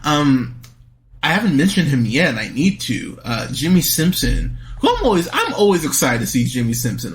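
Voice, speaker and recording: A man's voice: on the high side, wildly swooping pitch, moderate pace. Blunt, cursing man reviewing a film. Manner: blunt, swears freely, exasperated outbursts. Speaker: movie podcast host. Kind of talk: casual film review monologue.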